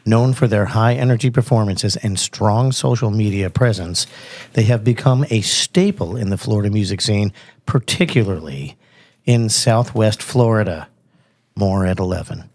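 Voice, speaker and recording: A man putting on a mock-formal TV newscaster voice to read out a news item, in a deep, self-important delivery. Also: normal speed, darkish tone, dry recording, clean studio sound. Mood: mock-serious. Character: pompous male TV newscaster, adult. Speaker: mock newscaster reading an AI overview.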